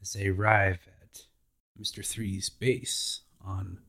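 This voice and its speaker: A man's voice: low-pitched, flat delivery, takes it slowly, a bit bright. A man hosting a podcast, recapping anime episodes in a laid-back, slangy way.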